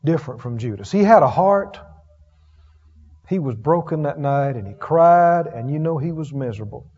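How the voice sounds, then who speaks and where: Male preacher, high voice, folksy and chuckling, muffled recording with long echo. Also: lively intonation, moderate pace, slightly rough. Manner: folksy, chuckling, swings from loud to hushed. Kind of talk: sermon. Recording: dull reverberant hall sound.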